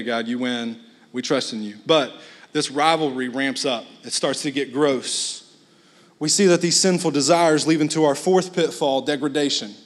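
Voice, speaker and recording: High-voiced man preaching in a hall. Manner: casual, blunt, joking asides. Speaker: guest preacher. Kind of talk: sermon. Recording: long hall reverb.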